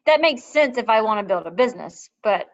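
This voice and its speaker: A woman's voice: fairly high pitch, lively intonation, a little fast, highs cut off. Woman asking brief questions on a call. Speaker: team member asking questions. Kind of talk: casual call.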